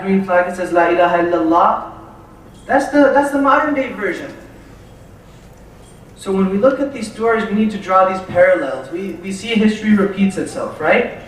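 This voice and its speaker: A man delivers a lecture in a large hall, his fairly high voice carrying through heavy reverb. He tells stories with lively, acted-out dialogue, heard from some distance away from the microphone. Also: slight background noise. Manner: animated storyteller acting out quoted dialogue. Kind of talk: religious lecture storytelling. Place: large hall at a community center. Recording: echoey hall, mic from a distance.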